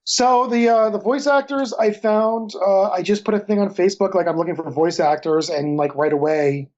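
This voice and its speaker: A man as a guest comic creator, answering casually in a halting way, full of restarts and fillers. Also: high-pitched, a little mellow. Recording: dull lo-fi audio.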